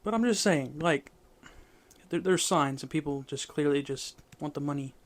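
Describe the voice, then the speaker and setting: A man's voice: a little high, moderate pace. A young man from the Midwest, co-hosting a casual podcast chat, agreeing often and trailing off mid-sentence. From American Midwest. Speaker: podcast co-host.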